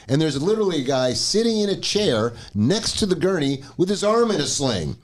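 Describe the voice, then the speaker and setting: A man's voice: mid-range voice, big pitch swings, brisk. A man co-hosting a podcast, telling a long story in a casual, profane way and laughing as he goes. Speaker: podcast co-host.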